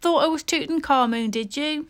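A woman voicing a rough, cheeky adult male digger who teases the boys. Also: high-pitched, moderate pace, pitched above the performer's own voice, natural voice. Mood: teasing. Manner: loud, teasing.

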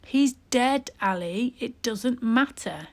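A woman's voice: a little high, expressive, slow pace. A woman voicing a mischievous young boy who plays at spooky jokes. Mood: mock terror. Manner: playful, mock-spooky. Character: mischievous joking Egyptian boy.

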